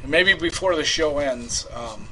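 A man's voice: on the high side, animated, a little slow, sharp tone, slight background noise, rough recording. A man hosting a casual live prank call show, loose and laughing, swearing freely. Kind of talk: casual live-stream chat.

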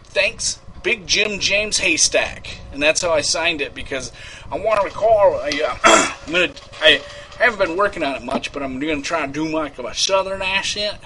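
Fairly high-pitched and quick, with lively intonation, this man runs a homemade prank call show amid background noise. His casual live chat rambles as he reads out ads, laughing often and drifting off into mumbles.

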